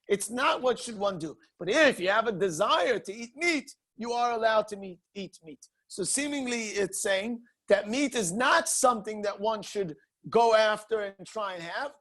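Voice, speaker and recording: A rabbi teaching students in an informal walking class, with a fairly high voice for a man. He argues his case with rhetorical questions that he answers himself. His delivery is animated and full of restarts. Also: normal speed. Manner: argumentative, poses rhetorical questions and answers them.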